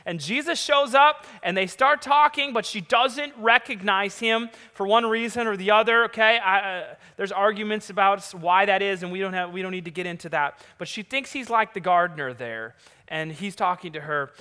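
A man preaching a sermon, reading scripture and retelling the story in an animated, conversational way. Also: high-pitched, clean tone. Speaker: pastor. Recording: large hall with long reverb.

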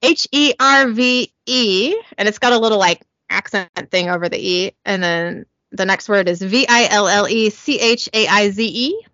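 A woman's voice: medium pitch, normal speed, hardly any pauses, bright, forceful tone, dry recording. A woman hosting a casual recap, chatty and self-correcting, often giggling. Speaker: podcast host recapping. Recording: dull lo-fi, dry.

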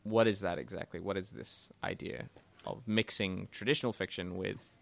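A man's voice: sits low, fairly even intonation, moderate pace, creaky. A man hosting a live podcast in casual chat, rambling with many fillers. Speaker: podcast host. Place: bookstore, live event.

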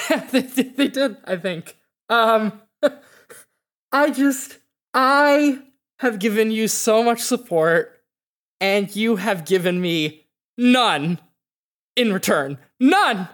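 A woman's voice: lowish voice, lively intonation, takes it slowly, a bit bright. A bitter, betrayed young mother, as a game master puts her on. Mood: furious. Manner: bitter, exasperated outbursts.

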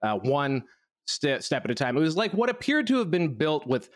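A man's voice: fairly high pitch, sing-song, moderate pace, dry recording, clean studio sound. Rambling self-deprecating man from Canada. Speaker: show co-host. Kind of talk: casual podcast chat.

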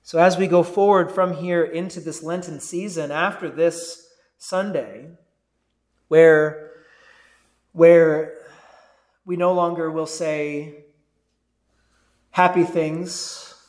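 A man preaches a sermon in a high, unhurried voice. His delivery is earnest and deliberate, building to fervent cries. The sound rings with the echo of a church room. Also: steady tone, darkish tone. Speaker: pastor.

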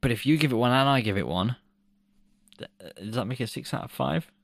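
A man's voice: mid-range voice, animated, a little fast, creaky, no echo, clean studio sound. A man co-hosting a podcast in casual chat, laughing often and swearing loosely. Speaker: podcast co-host.

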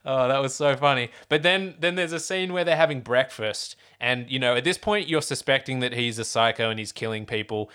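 A man's voice: mid-range voice, fairly quick, few pauses, bright, forceful tone, smooth. A man co-hosting a casual film discussion, rambling and laughing often.

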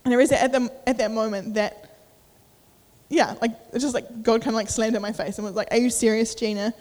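A young woman with a bright, high voice preaches a sermon. She talks casually and with feeling, full of fillers and restarts, and her voice rings in a long reverb. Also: steady tone, fairly quick. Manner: casual, emotional, uses many fillers. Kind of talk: sermon with personal story.

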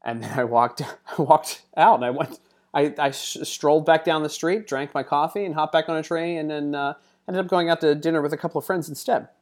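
A man's voice: on the high side, steady tone, brisk. A man telling a personal story in a casual, chatty way. He wanders into side remarks as he goes and leans on plenty of everyday fillers. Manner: chatty, digressive asides and frequent fillers.

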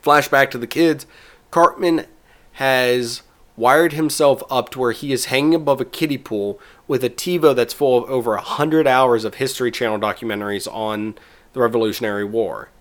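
A man's voice: medium pitch, moderate pace. Chatty man recapping an episode. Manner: rambling, with restarts and acted-out quotes. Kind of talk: casual chat, recapping a TV episode.

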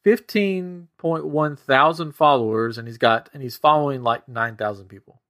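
A man co-hosting a casual podcast, chatty and storytelling. His voice sits at an ordinary middle pitch. He chuckles at himself as he goes. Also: normal speed, fairly bright tone. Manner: chatty, storytelling, self-amused. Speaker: podcast co-host. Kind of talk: casual chat.

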